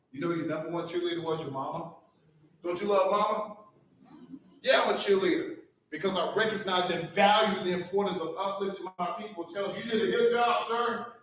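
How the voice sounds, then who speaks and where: A school district leader with a high, fairly bright voice gives a motivational speech to school staff, firing rhetorical questions at the live audience. He's recorded from far off in a large, echoey hall with faint noise.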